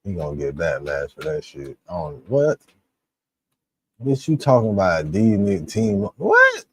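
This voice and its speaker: A man's voice: low voice, animated, normal speed, warm tone, slightly rough. A man hosting a live reaction stream, ranting with a profane, indignant, exasperated manner. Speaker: livestream reaction host.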